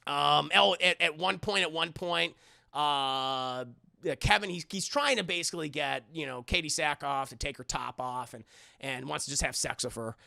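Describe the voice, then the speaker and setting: A man recapping a movie to his chat in a rambling, crude, animated way. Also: fairly high pitch, normal speed, creaky, no room sound, studio quality. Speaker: streamer.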